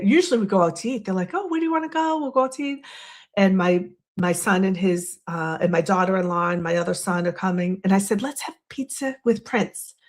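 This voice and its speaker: A woman in her fifties hosting a live stream, chatting casually and rambling while she talks to her viewers. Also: mid-range voice.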